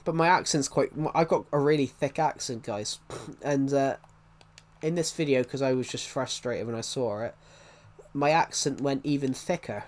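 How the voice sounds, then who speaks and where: A man's voice: medium pitch, normal speed. A young man with a blocked nose, chatting casually on a live stream, rambling, restarting his sentences and swearing.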